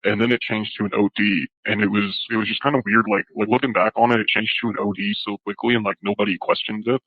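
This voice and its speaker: A young man answering interview questions haltingly, his speech full of fillers. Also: on the low side, little pitch movement, dry recording. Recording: dull, dry lo-fi audio.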